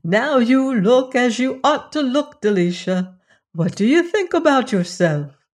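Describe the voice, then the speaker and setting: A woman voicing a kind, cheerful old fairy in a storybook reading, speaking with bright, raised eagerness. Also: medium pitch, very animated, a little slow.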